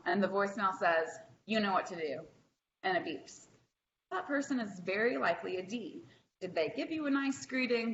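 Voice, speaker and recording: A woman's voice: medium pitch, a bit bright, slight background noise. A woman presenting a training workshop over a video call, chatty and upbeat with frequent ums. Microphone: video call microphone. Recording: echoey, dull lo-fi video call.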